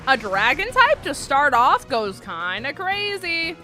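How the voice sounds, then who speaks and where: Over background music, a woman with a high, very animated voice delivers casual game commentary slowly and with few pauses. She banters with her stream chat and acts out the game's dialogue in silly voices.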